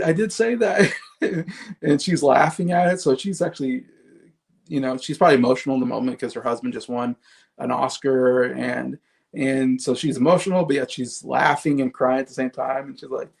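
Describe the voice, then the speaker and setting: Male commentator, gravelly, easygoing chatter full of fillers and laughter. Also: medium pitch, darkish tone. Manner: chatty, laughs often, frequent fillers and restarts. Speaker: movie commentator. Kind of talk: casual solo commentary.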